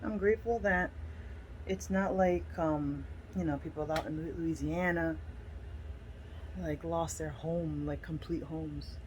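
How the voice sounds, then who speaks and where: A woman filming a vlog walkthrough of her flooded basement, upset and halting as she holds back tears. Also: sits low, darkish tone, a little hiss or hum, poor audio. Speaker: vlogger, homeowner.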